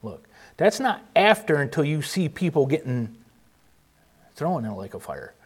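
A man preaching an informal sermon, earnest and emphatic, often restarting and pausing mid-thought. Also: fairly high pitch, very animated, slightly rough. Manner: earnest, emphatic, with frequent restarts and halting pauses.

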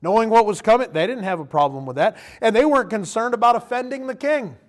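A man preaching a sermon, animated and emphatic, putting direct questions to his listeners. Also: high-pitched, fast talker. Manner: animated, emphatic, rises to loud bursts.

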